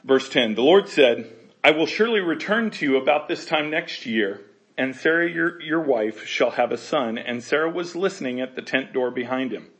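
A man's voice: medium pitch, animated, normal speed, fairly bright tone. Man, Bible study teacher, reads verses aloud, casual chatty commentary, laughs easily, acts out the characters' lines.

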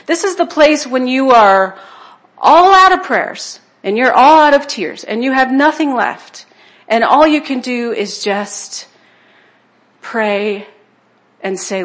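A woman's voice: high voice, animated, slow, fairly bright tone. A woman speaking at a church conference, sharing personal testimony in an emotional, conversational way and checking in with her listeners.

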